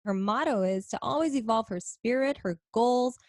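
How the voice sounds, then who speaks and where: A woman's voice: on the high side, normal speed, darkish tone, no room sound, studio quality. Bubbly, profane woman podcast host. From Middle Eastern. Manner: bubbly, profane, laughs often. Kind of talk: casual podcast chat. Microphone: home podcast microphone.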